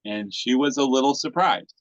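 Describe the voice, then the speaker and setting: A man's voice: mid-range voice, normal speed, no room sound. A man in his sixties at a retreat discussion, telling a story to a group in a folksy, meandering way. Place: retreat center meeting room. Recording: dull, lo-fi, dry sound.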